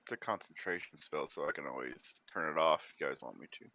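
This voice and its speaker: Brief: male player, very deep, gravelly, bright edge, dull mic. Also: fast talker. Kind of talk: casual tabletop play.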